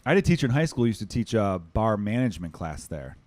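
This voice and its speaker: A man's voice: fairly low pitch, very animated, a little mellow. A man in his thirties with a Chicago accent, hosting a casual podcast chat, telling stories and swearing freely. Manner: fast, storytelling, swears freely. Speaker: podcast host.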